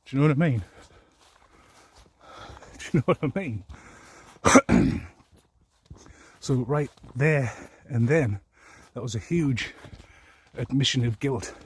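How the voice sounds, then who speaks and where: A man's voice: medium pitch, slow pace, pauses often, a little mellow, breathy edge. A man ranting angrily to the camera in a rambling, profane, aggrieved way. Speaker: vlogger. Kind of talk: angry personal rant.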